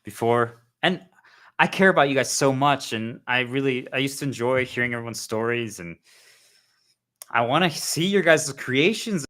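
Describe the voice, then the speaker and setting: A man's voice: medium pitch, lively intonation, moderate pace, fairly bright tone. A man talking earnestly to his viewers in a rambling monologue, often calling them guys. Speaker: spiritual vlogger.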